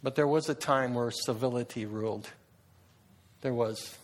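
A man giving a public talk to an audience, animated, full of rhetorical questions and restarts. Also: medium pitch, brisk. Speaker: speaker addressing an audience.

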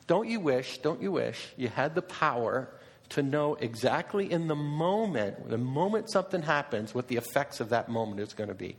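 A man's voice: medium pitch, lively intonation, moderate pace, gravelly. A middle-aged man preaching a sermon in a conversational way, asking his listeners question after question. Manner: conversational, asks the congregation repeated questions. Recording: long reverb of a hall.

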